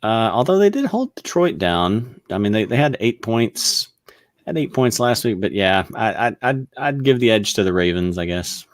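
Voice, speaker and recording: Man, podcast co-host, hesitant, halting, very low voice, dry sound. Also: sing-song, dry recording. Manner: hesitant, many ums and restarts. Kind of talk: casual sports chat.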